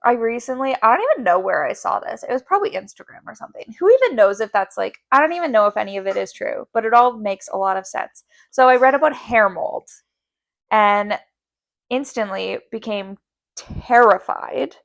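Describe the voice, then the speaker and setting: A woman's voice: on the high side, expressive, brisk, gravelly. A young woman co-hosting a casual podcast, teasing and bantering playfully. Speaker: podcast co-host. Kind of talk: casual chat.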